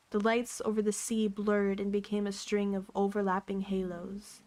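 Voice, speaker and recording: A woman reading a novel aloud on a livestream, calm and unhurried, with occasional throat clearing, her voice slightly worn. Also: mid-range voice.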